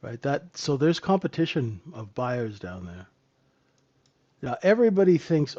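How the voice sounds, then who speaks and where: A man's voice: mid-range voice, very animated, measured pace, dark tone, lo-fi sound. A man running a live trading room, explaining charts in a casual teaching manner and answering viewers' questions as he goes. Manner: conversational, answers viewers' questions, rhetorical "right?". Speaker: trading instructor.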